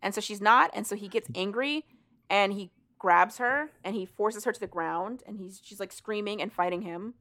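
A woman's voice: medium pitch, normal speed, bright, forceful tone. A woman in the middle of her vocal range works through a book's plot for her podcast co-host, talking in long rambling runs. Her tone stays casual and loose, and she drops swear words freely as she retells the story. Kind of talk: casual book recap chat.

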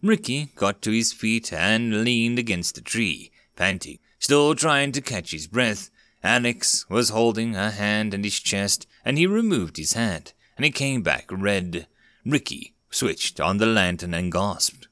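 A man narrating a dramatic story in a steady reading voice. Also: lowish voice, a little slow, no echo, clean studio sound.

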